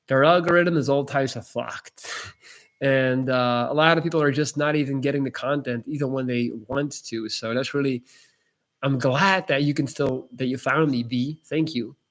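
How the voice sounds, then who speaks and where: A man answering viewer chat on a casual live stream, blunt and emphatic and swearing freely. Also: medium pitch.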